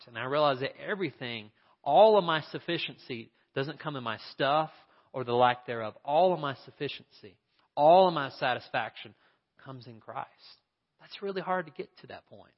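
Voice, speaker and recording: Man, pastor, conversational sermon, rhetorical questions, long hall echo, muffled sound. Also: mid-range voice.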